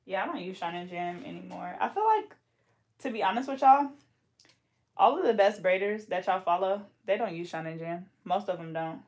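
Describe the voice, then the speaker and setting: Casting: young Bay woman, slangy playful braider-vlogger, mid-pitched, easy banter. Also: moderate pace, darkish tone. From Bay Area, California. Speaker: braider and channel host. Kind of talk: casual chat while braiding.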